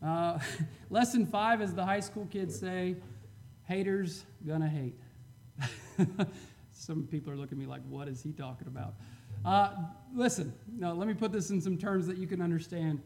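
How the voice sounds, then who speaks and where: A man preaching a sermon to his church, fervent and emphatic, swinging from loud to quiet and chuckling between points. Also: high voice, normal speed, a little hiss or hum. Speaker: pastor.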